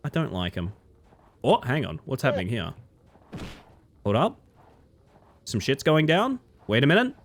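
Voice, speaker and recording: A man chatting casually and excitably while livestreaming a game, swearing freely. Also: medium pitch, a little slow, long pauses. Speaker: game streamer. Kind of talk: casual gaming livestream chat.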